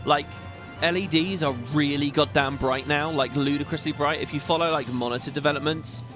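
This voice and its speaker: A man's voice: on the high side, fairly even intonation, a little fast. A man hosting a gaming video, giving rambling, opinionated playthrough commentary. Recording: game music behind voice.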